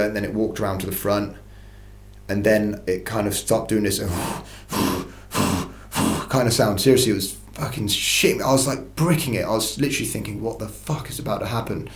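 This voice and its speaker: A channel host with a lowish voice tells a first-person story about an encounter, rambling casually with plenty of restarts and swearing. The recording is reverberant.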